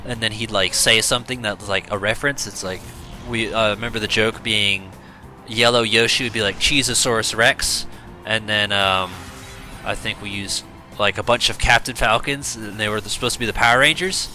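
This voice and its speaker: Casual let's-play host, male, very bright tone, loose rambling delivery, faint game music underneath. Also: on the low side, steady tone, fairly quick. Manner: rambling, storytelling, many fillers. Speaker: gaming YouTuber.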